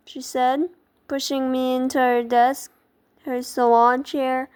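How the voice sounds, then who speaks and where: A woman reading a children's book aloud in an expressive, dramatic way, with small stumbles. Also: sits high, clean tone.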